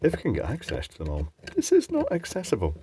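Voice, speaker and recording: A man's voice: on the high side, huge pitch swings, quick pace, dark tone, slight background noise. A man presenting an electronics teardown, musing and chatting as he thinks aloud while working. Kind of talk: casual talk-through while taking apart a device.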